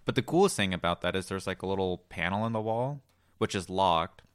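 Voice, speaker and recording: A man's voice: sits low, animated, fairly quick, clean tone, no room sound, studio quality. A man with a Texan accent, co-hosting a podcast and telling a rambling work story with lots of laughs. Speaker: podcast co-host. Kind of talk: casual chat.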